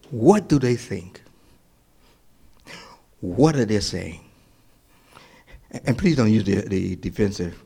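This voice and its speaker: A male pastor in the middle of a sermon, his voice at an ordinary middle pitch. He keeps asking the congregation questions and supplying the answers himself, climbing to loud, emphatic declarations and then sinking to hushed, almost whispered points. His voice sometimes drifts away from the mic. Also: wildly swooping pitch, takes it slowly, vocal fry, long pauses, slightly rough. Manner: call-and-response questions, swings from loud preaching to near whispers.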